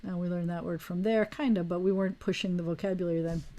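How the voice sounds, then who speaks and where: A woman rabbi teaching an online Hebrew class in a relaxed, digressive way, with plenty of fillers, speaking into a video call mic. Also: lowish voice, quick pace. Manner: chatty, digressive, with frequent fillers.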